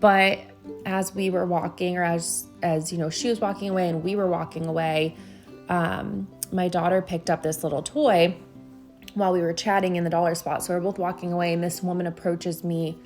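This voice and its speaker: A woman's voice: fairly low pitch, little pitch movement, normal speed, a little mellow, soft background music. A woman recording a casual voiceover at home, talking earnestly and rambling with frequent restarts. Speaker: vlogger.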